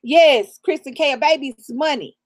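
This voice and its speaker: A woman whose voice sits high talks at a moderate pace. She co-hosts a casual live stream, a middle-aged woman raised in the American South offering blunt, profane advice and preachy real talk with laughter.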